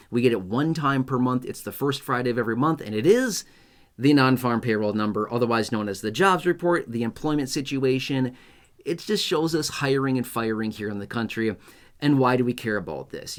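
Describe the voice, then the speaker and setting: A man hosting his own video channel, talking straight to his viewers in a chatty, repetitive and emphatic way. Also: medium pitch. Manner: chatty, repetitive, emphatic, acts out skits in raised voice. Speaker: YouTube host. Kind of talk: casual direct-to-camera talk.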